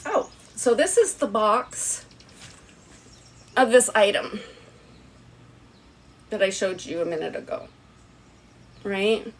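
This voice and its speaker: A woman's voice: mid-range voice, expressive, slow, long pauses, slight background noise, low-quality recording. Chatty woman with a stern voice. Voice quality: stern, firm voice. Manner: rambling, chatty, keeps asking "right?". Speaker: TikTok live seller. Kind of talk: casual live product showcase. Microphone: phone livestream.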